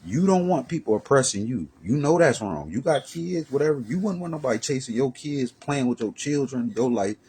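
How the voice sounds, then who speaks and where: A man vlogging a profane, heated street-talk rant that swings from low muttering to loud raised bursts. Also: big pitch swings, a little fast, hardly any pauses, husky.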